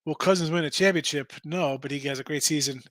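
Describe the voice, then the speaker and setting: Animated sports betting host, bright voice. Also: male voice, on the high side, fast, dry recording. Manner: animated, argumentative, reads chat comments aloud. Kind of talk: casual sports betting chat.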